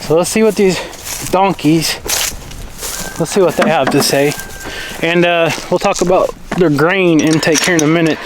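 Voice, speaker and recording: A man with a high-pitched voice filming a casual farm vlog outdoors. He chats in a relaxed, rambling way and keeps turning to talk to his animals. Faint outdoor noise sits behind him. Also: normal speed, long pauses. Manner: chatty, talks to his animals. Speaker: farm vlogger.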